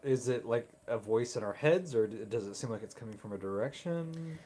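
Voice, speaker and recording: A man's voice: medium pitch, expressive, brisk, dark tone, a little hiss or hum. A man playing a tabletop game, speaking hesitantly and thoughtfully with many fillers. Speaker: player.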